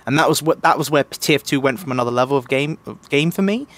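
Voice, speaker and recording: A man's voice: mid-range voice, fast, fairly bright tone. A young man chatting as a podcast guest, gushing with enthusiasm and tripping over his restarts. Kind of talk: casual podcast chat.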